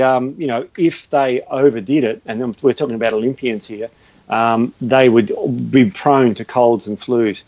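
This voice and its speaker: An Australian man in easy explanatory chat, earnest and talkative, stumbling and restarting as he goes. His voice sits at an ordinary pitch in a very dry, close sound. The recording is a little dull and lo-fi. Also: a little mellow, no echo. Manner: chatty, restarts often, earnest. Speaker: health and fitness guest expert.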